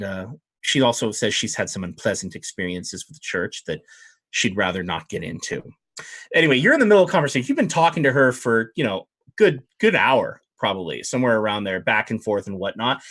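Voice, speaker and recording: A man's voice: lowish voice, expressive, normal speed, fairly bright tone. A man running a tabletop game as game master, narrating casually with lots of fillers and restarts. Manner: casual, rambling, many fillers.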